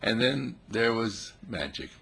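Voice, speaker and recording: Man, spiritual teacher, gravelly and raspy, lively up-and-down pitch, playful. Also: slow pace. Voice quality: gravelly, husky. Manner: playful, animated, voicing animals and quotes. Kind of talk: spiritual talk.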